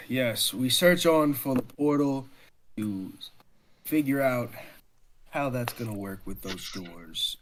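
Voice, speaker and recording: A man running a tabletop game as dungeon master, describing scenes with frequent fillers. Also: medium pitch.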